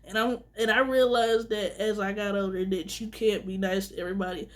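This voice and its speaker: A woman's voice: mid-range voice, fairly even intonation, a little fast. A young woman vlogger telling a storytime rant to her viewers, candid and venting, talking straight to the camera.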